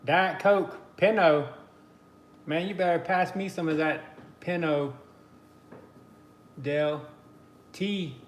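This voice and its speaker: A man's voice: on the high side, slow, long pauses, echoey room, slight background noise. A man hosting a casual live stream, chatty and greeting his viewers by name between easy laughs. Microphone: computer mic on a live stream.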